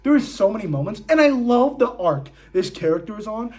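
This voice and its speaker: A young man reviewing manga in a casual vlog, excitable, swearing often and saying "like" a lot. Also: high-pitched, a little fast.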